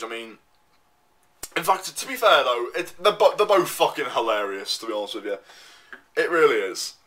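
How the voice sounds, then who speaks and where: A young man rants straight into his camera in a tense, bright voice that sits a little high for a man. He swears at every turn, circles back on his own phrases and keeps pushing himself into a worked-up, scornful tirade. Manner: swears constantly, repeats himself, loud and worked up. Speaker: vlogger. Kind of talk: profane ranting monologue.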